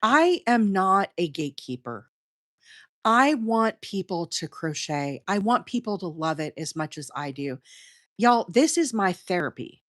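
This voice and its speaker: A middle-aged Southern woman chats casually on a crochet livestream, rambling and answering her viewers as she goes. Her voice sits at an ordinary pitch and sounds close and dry, with little room around it. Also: big pitch swings, a little slow, no echo. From Alabama, US. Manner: chatty, rambling, talks straight to the chat. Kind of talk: casual live-stream chat while crocheting.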